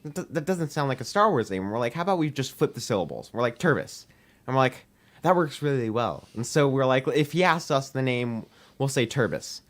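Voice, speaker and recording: A teenage boy sits in as a podcast guest and tells a story the loose, chatty way. He leans on "um" and "we're like" to act out each exchange, at an ordinary pitch for a young man. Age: teens. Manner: rambling, heavy use of "we're like" and "um". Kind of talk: casual anecdote telling.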